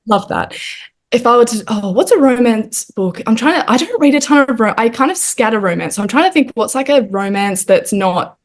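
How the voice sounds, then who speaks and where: A woman's voice: a little high, animated, a little fast. A young woman with an Australian accent, a podcast guest chatting casually over a video call, gushing and upbeat, with lots of "like". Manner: gushing, upbeat, heavy use of "like". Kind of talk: casual chat.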